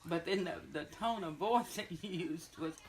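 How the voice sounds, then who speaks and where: A woman's voice: on the low side, measured pace, a little mellow. An older woman, telling a family story casually and breaking into laughter.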